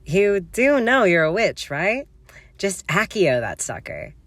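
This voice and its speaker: A man's voice: high voice, very animated, slow pace, fairly bright tone, no echo, voice pushed up, full character voice. A man doing a bored, sassy teen witch. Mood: teasing. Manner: bored, teasing.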